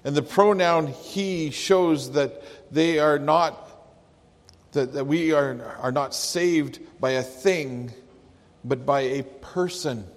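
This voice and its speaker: A pastor preaching a sermon, slow and emphatic, leaning hard on key words. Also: male voice, on the high side. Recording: long hall reverb.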